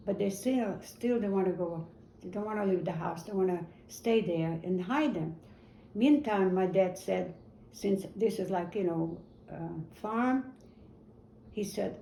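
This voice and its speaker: Elderly woman, mellow voice, halting and repetitive storytelling, roomy echo, faint background hum. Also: mid-range voice. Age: 80s. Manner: halting, repeats words and restarts sentences. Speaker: interviewee. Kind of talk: personal war memory storytelling.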